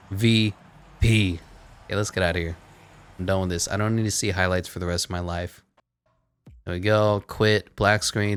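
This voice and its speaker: A man commentating over a basketball video game, sarcastic and deadpan, with quick offhand asides. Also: on the low side. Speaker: gaming commentator.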